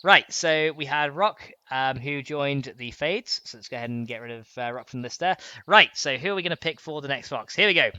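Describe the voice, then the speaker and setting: A man's voice: mid-range voice, lively intonation, brisk, few pauses, bright, forceful tone, clear, resonant tone, no room sound, dull audio. A young man streaming a building game, chatting casually, giggling and reading out chat messages. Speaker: gaming streamer. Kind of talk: casual live gameplay chat.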